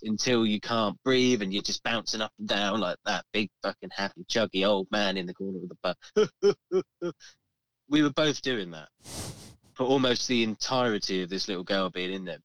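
A man co-hosting a podcast, telling a story in a casual, animated way and acting out the voices of the people in it. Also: fairly low pitch, dry recording, low-quality recording. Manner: animated, swearing, acts out the voices in his story. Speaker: podcast co-host.

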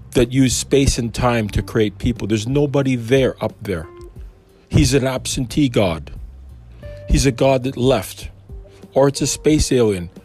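A man's voice: mid-range voice, a little mellow. A man giving an informal Christian talk, wandering into conversational asides. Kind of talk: informal preaching.

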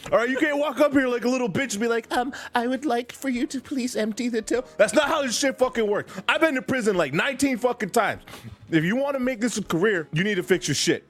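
A man's voice: extremely high pitch, expressive, fast, a bit bright, pitched above the performer's own voice, full character voice. A man doing a brash ex-con ghost. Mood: lecturing. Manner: brash, profane, bossy lecturing. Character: gruff male ghost ex-con convenience store regular.

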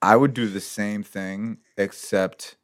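A man's voice: fairly low pitch, steady tone, takes it slowly. A man hosting a casual movie chat with friends, laughing often and teasing playfully. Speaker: podcast host.

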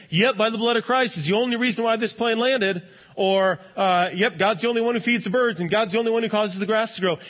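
A pastor preaching a sermon to a congregation in a church, animated and often asking them "right?". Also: male voice, high-pitched, slightly rough, dull audio.

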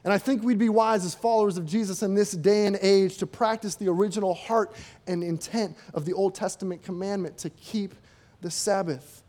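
A male preacher delivering a sermon in an easy, conversational way. He often asks rhetorical questions and slips into acted-out quotes. His voice sits high for a man. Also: fairly even intonation, normal speed, darkish tone.

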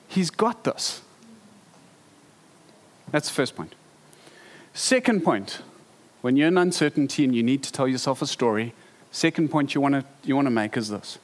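A man preaching a sermon, emphatic and animated, with rhetorical questions to the congregation. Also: medium pitch, big-room sound. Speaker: pastor.

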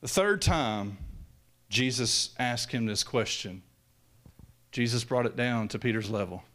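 A man preaching a sermon, swinging from loud raised peaks down to hushed, low lines. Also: a little slow.

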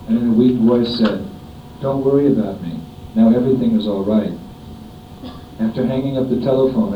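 A middle-aged man reads a devotional homage letter aloud in a measured, solemn way. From United States. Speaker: disciple reading a homage letter. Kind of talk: reading a written devotional offering aloud. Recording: dull, echoey, distant room recording with faint rumble.

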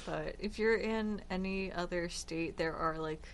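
A woman's voice: fairly low pitch, unhurried, a little hiss or hum. A young woman co-hosting a casual radio show, with dry, wry quips.

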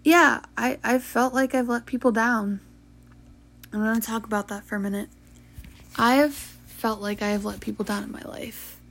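A tired young woman hosting a late-night confessional podcast, talking softly and haltingly, with sighs, yawns and whispered stretches. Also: a little high, steady tone, gravelly. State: sleepy. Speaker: podcast host.

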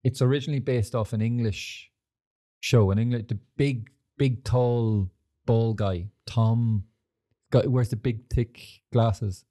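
A man's voice: mid-range voice, steady tone, slow pace, dark tone. A young man hosting a casual podcast, rambling through stories with lots of fillers and swearing. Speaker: podcast host. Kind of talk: casual chat.

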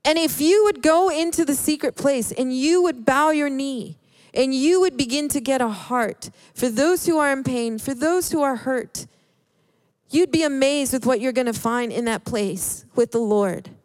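A woman preaching a sermon in an earnest, halting way, often restarting her words. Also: high-pitched, darkish tone, no room sound. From Hispanic background.

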